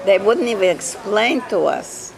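An older woman whose first language is Yiddish, telling her life story slowly in an oral history interview, repeating words for emphasis. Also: mid-range voice, a crowd in the background. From Eastern Europe. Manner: slow, reflective storytelling with emphatic repetition.

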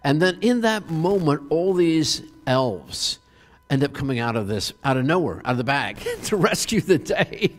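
A man preaching a sermon, retelling a film as a story in an animated way, with many fillers and restarts. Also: fairly high pitch, moderate pace, in a large hall. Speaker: pastor.

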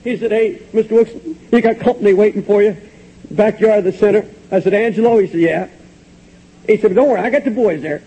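A man preaches a sermon, fervently retelling a story with quoted dialogue and swinging from hushed, low passages to high, urgent ones. His delivery is brisk and his voice husky. The recording is dull, lo-fi and old.

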